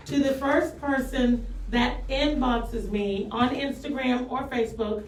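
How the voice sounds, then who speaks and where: A woman's voice: fairly high pitch, reverberant, recorded from a distance, a little hiss or hum, poor audio. A woman hosting a radio show, chatting loosely and joking, swearing now and then. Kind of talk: casual on-air chat. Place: radio studio.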